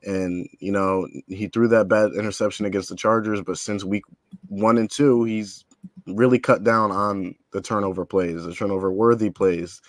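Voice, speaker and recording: A man co-hosting a sports podcast, talking in a measured, steady way about the team's season. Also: on the low side, no room sound. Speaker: podcast co-host. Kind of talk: casual sports talk.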